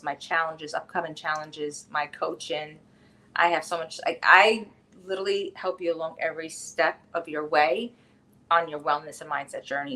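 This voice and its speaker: This is a woman with a New York accent, talking casually as a podcast guest. Her voice sits fairly low. She rambles in an animated way and laughs easily. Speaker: podcast guest, wellness coach. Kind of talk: casual interview chat.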